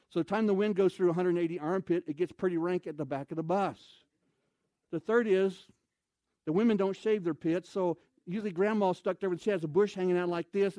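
An American man, a missionary speaker, telling a humorous story in an animated, comic way and acting out scenes. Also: high voice, no room sound. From United States.

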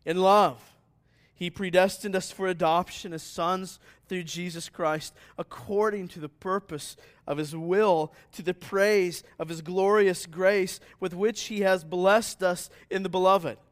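Pastor reading scripture with rising emphasis. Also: male voice, high voice, steady tone, measured pace. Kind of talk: reading scripture aloud in a sermon.

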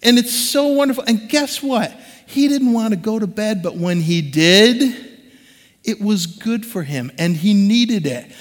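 High-voiced preacher in a reverberant hall. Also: male voice, measured pace. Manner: conversational and animated, acts out quoted voices. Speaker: pastor. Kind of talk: sermon.

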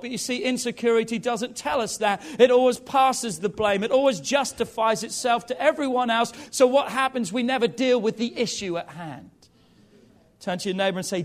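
A man in his thirties preaching a sermon, lively and joking with the congregation between points. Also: extremely high pitch, moderate pace. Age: 30s. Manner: lively, jokey asides to the congregation.

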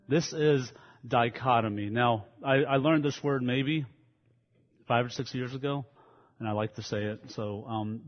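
Earnest preacher in an echoey hall. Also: male voice, medium pitch. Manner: earnest, explains words conversationally. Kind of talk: sermon with opening prayer. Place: church sanctuary. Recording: echoey hall, dull lo-fi sound.

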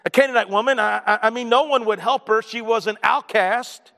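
Hoch sprechender Prediger in einer Halle. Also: male voice, high-pitched, brisk, gravelly, in a large hall. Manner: animated storytelling, drops to quiet emphasis. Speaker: pastor. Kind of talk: sermon.

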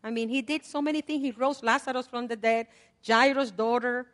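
An older woman preaching a sermon in a conversational way. She swings between loud repeated prayers and soft asides. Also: a little high, fairly even intonation, brisk. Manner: conversational, with fillers and laughs. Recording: long hall reverb.

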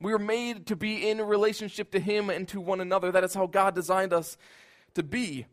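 A man preaching a sermon in an earnest voice, building at times into loud, emphatic outbursts. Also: high-pitched, steady tone, a little fast.

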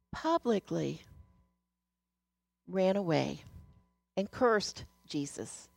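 Woman preacher, earnest storyteller, mid-pitched voice, dry close sound, swings from hushed to emphatic. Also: dry recording. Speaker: speaker sharing a devotional message. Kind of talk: sermon.

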